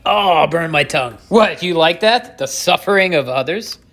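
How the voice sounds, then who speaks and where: A man's voice: on the high side, animated, moderate pace, fairly bright tone. Dry-humored man hosting a vlog. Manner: dry self-mocking humor. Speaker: host of a stacking channel. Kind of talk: casual unboxing vlog chat.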